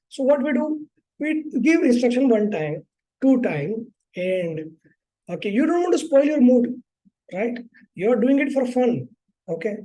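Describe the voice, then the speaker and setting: A man with an Indian English accent teaches a psychology course in a loose, conversational way. His voice sits high, with a dark and mellow tone. He keeps checking in with his students. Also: low-quality recording. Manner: informal, repeats "okay" and "right", acts out clients. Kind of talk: live online class teaching.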